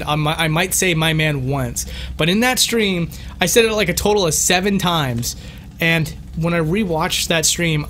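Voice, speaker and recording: A man's voice: on the high side, fairly bright tone, slight background noise. A young man from Boston with a light Boston accent, hosting a casual livestream, reading out donations and chatting. He laughs easily and often restarts his sentences. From Boston, USA. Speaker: livestream host.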